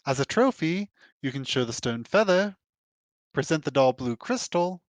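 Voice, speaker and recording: A man's voice: fairly high pitch, big pitch swings, normal speed, no echo. A man running a tabletop game as game master, narrating with laughing, self-deprecating asides.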